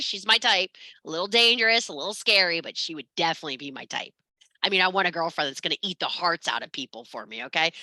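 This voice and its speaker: A woman's voice: lowish voice, bright, forceful tone, dry recording. A woman giving an informal spiritual talk in a blunt, emphatic and profane way. She speaks as a parent. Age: adult parent.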